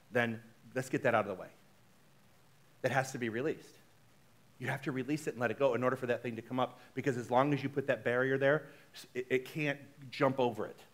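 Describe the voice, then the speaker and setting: A man giving a sermon as a minister, talking in a chatty, animated way and speaking straight to the congregation. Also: mid-range voice. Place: spiritual center service.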